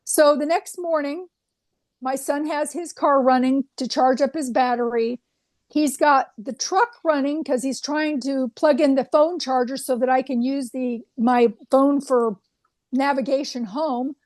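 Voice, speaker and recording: A woman guest telling a personal anecdote in an interview, animated and quoting dialogue. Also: high voice, measured pace, no echo. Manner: animated anecdote with acted quotes. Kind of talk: storytelling in an interview.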